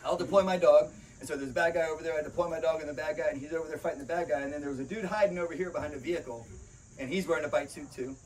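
A man's voice: a little high, darkish tone. A man who trains protection dogs and hosts a podcast, explaining defense in an emphatic, casual teaching style and often checking in with "right?". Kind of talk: casual instructional talk. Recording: slightly distant mic, faint background noise.

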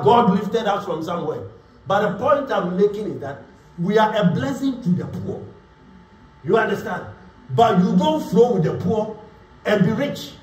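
A high-voiced male pastor preaches with emphatic, repeated phrases. His voice carries from a distance through an echoey church hall, and he acts out the quoted people he mentions. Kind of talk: sermon. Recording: echoey room, voice from far off.

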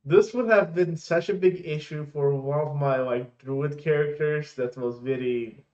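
A man's voice: a little high, unhurried, darkish tone, lo-fi sound. A man playing a tabletop game, talking in a laid-back, giggly way. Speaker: player. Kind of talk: casual tabletop play.

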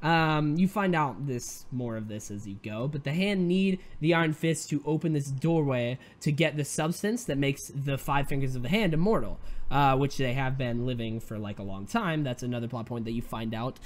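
A man's voice: medium pitch, moderate pace, few pauses. A man hosting a casual review of a TV show, rambling and chatty, with frequent fillers and self-interruptions. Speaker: host.

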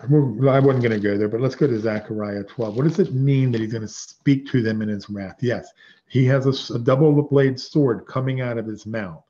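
A man teaching the Bible in a loose, conversational way, wandering off on tangents and correcting himself mid-sentence. His voice is husky and mellow, and the lo-fi recording sounds dull. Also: mid-range voice, normal speed. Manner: conversational, digressive, self-correcting.

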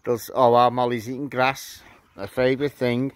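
A man's voice: medium pitch, little pitch movement, normal speed, dry recording. A man coaxing and chatting to animals as he feeds them outdoors at night, in casual running commentary. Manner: gentle, coaxing talk to animals. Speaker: vlogger feeding animals. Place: outdoors at night in a windy garden. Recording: noisy outdoor recording with wind.

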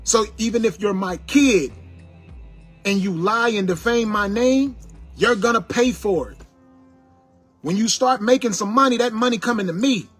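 Angry high-voiced man preaching at viewers. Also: moderate pace, long pauses, fairly bright tone, husky, soft background music. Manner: angry, repetitive, sermon-like warnings. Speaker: internet personality ranting to viewers.

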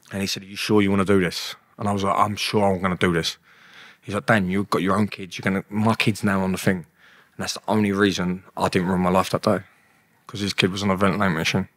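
An interview guest with a London accent tells stories in a blunt, slangy way, swearing often and voicing what people said. His voice is low and a bit bright, recorded at studio quality with no echo.

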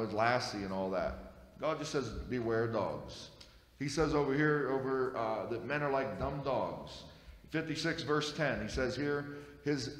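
A man's voice: mid-range voice, fairly bright tone. A male pastor preaching a sermon in a folksy, conversational way, dropping in frequent amens. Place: church sanctuary. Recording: echoey church hall.

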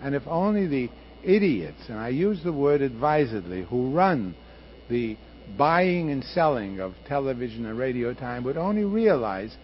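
The guest, an older radio producer and director, talks at normal speed in a medium-pitched voice with big pitch swings. He tells his stories emphatically and with passion, on a muffled archival interview carrying faint hiss.

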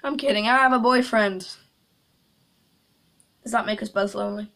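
A woman's voice: medium pitch, moderate pace, gravelly, fairly bright tone. A young woman chatting casually in a vlog, making jokey asides to viewers. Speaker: YouTuber.

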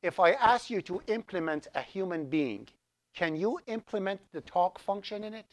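A middle-aged man who grew up speaking Azerbaijani, teaching a college programming class in a lively, joking way and putting questions to the students. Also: sits high, normal speed. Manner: lively, asks the class questions, jokes around. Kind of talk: live classroom lecture.

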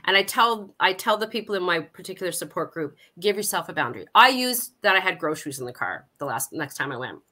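A middle-aged Canadian woman works as an Alzheimer's support coordinator and appears as a guest in a conversational interview, candidly sharing a personal story and often correcting herself. Her voice is on the low side and sing-song with a sharp tone, and she speaks quickly with hardly any pauses.

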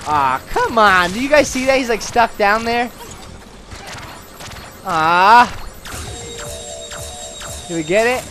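An excitable dad narrates a video game run while coaching his son. He swings between low asides and loud yelps when things go wrong. Game music sits faintly underneath. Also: takes it slowly, pauses often. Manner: animated, yelps and shouts at setbacks. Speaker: gameplay video host, dad. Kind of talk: excited let's-play commentary.

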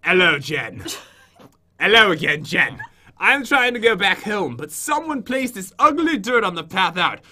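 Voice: medium pitch, big pitch swings, measured pace, bright, forceful tone, full character voice. A player voicing a whiny, pleading male game villager in a clumsy, overdone mock Irish accent. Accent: clumsy mock Irish attempt.

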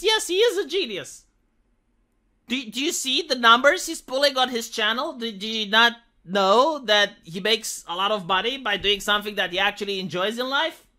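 A man's voice: very high-pitched, pushed and bright. A man ranting sarcastically in an opinionated commentary, peppering his talk with "like". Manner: sarcastic, ranting, heavy use of "like". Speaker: commentary channel host.

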